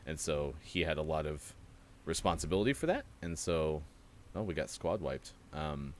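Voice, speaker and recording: A man's voice: deep voice, fairly bright tone, slight background noise. A man hosting a gaming morning show, chatting casually and reading news items while playing a game. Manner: rambling, reads out news items between gameplay remarks.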